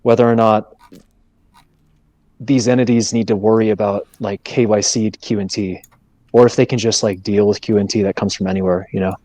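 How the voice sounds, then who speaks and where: A man's voice: on the low side, steady tone, fairly quick, mellow. A man co-hosting a casual discussion, talking emphatically with frequent stammered restarts. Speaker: podcast co-host.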